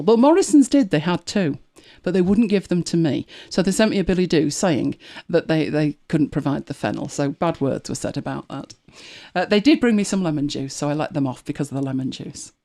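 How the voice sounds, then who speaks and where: This Manchester woman hosts a live podcast, spinning wry everyday stories in a chatty, laughing way with her English accent. Her voice sits low and mellow, and she talks briskly and expressively with hardly a pause.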